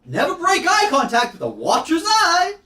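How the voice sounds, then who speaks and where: A man voicing a booming, theatrical magic eye that announces itself during a tabletop game. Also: wildly swooping pitch, moderate pace, roomy sound, recorded from a distance, full character voice. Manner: loud, showy announcer delivery.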